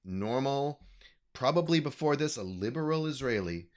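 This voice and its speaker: A man's voice: medium pitch, normal speed. Sarcastic man co-hosting a podcast. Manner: sarcastic, animated storytelling. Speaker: podcast co-host. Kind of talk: casual political chat.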